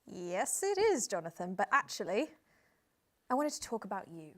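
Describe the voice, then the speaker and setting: A woman with a British accent playing a prim guest who poses as an outback adventurer, speaking calmly and earnestly and piling on flowery metaphors. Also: medium pitch, moderate pace.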